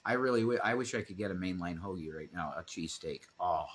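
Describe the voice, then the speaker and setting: A man's voice: sits low, fast, a little hiss or hum. A man co-hosting a casual livestream, rambling, swearing freely and reading chat comments aloud. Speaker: livestream co-host.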